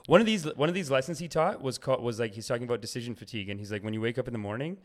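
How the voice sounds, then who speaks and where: A man talking as a podcast guest in casual chat, rapid and animated, often calling the host "dude". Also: mid-range voice.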